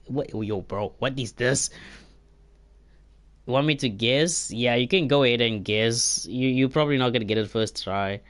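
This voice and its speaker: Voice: medium pitch, moderate pace. A game streamer chatting casually, joking and stumbling while reading foreign words aloud. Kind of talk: casual live-stream commentary.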